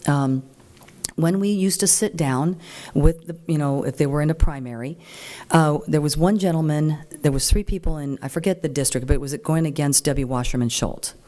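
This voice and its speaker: Chatty woman telling a story to a crowd. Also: moderate pace. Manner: chatty and animated, acts out quoted voices higher; frank and plain-spoken. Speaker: speaker at a political group meeting. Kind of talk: informal talk to an audience, storytelling.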